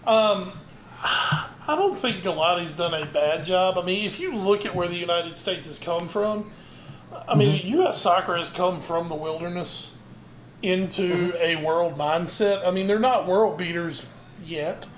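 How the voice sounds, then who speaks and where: A man's voice: high-pitched, unhurried, a bit bright. A man co-hosting a sports podcast, chatting in an easygoing way. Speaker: podcast co-host. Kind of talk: casual sports chat. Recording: roomy, faint hiss.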